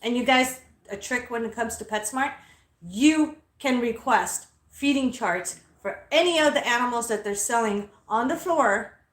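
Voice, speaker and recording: A woman's voice: on the high side, unhurried, echoey room. A young adult woman hosting a casual vlog, telling a story in a blunt, profane, indignant way. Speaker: host. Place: inside a car.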